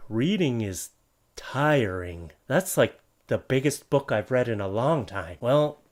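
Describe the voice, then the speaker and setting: A man's voice: mid-range voice, sing-song, slow. A young man hosting a comedy commentary, reading odd online listings aloud from his computer desk and joking about them in a sarcastic, rambling way. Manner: sarcastic, puts on silly mock voices. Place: home setup at a computer desk.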